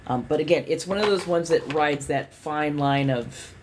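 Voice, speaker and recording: A woman's voice: deep voice, normal speed, darkish tone, slight background noise. A woman hosting a livestream in casual chat. She rambles candidly, swears freely and leans on lots of fillers. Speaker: livestream host.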